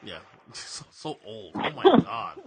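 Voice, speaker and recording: A man's voice: lowish voice, sing-song, unhurried, slight background noise. A man in his thirties hosting a podcast in casual chat, often stammering and repeating words and laughing easily. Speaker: podcast host.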